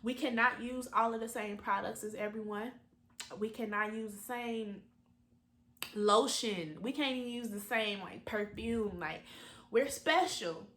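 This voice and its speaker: A woman in her twenties talking candidly in a personal vlog, halting and filler-heavy, fighting back tears. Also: a little high, a bit bright, reverberant. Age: 20s. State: close to tears. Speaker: vlogger.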